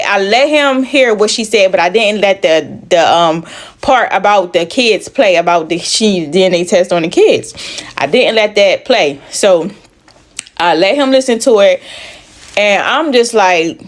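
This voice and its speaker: A woman truck driver with a mid-range voice tells her own story in casual chat, blunt and profane, acting out the dialogue and pausing to catch her breath.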